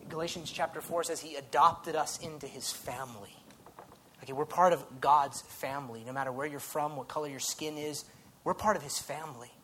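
A man preaching a sermon in an earnest, conversational way, dropping soft and then rising loud. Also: a little high, steady tone, a little fast. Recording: faint background noise.

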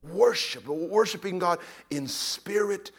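A man preaching a sermon, swinging from shouted pleas to hushed whispers and repeating phrases for emphasis. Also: high voice, takes it slowly.

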